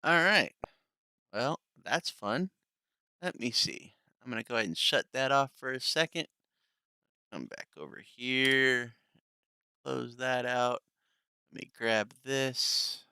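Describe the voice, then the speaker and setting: Streamer, male: gravelly, slow, sarcastic, casual swearing, bright dry tone. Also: medium pitch, no room sound. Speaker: streamer commenting on clips. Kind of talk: live stream commentary.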